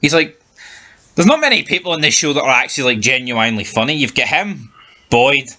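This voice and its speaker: A man co-hosting a casual TV review chat, animated and swearing freely as he rants. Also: medium pitch, a little fast. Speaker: TV review podcast co-host.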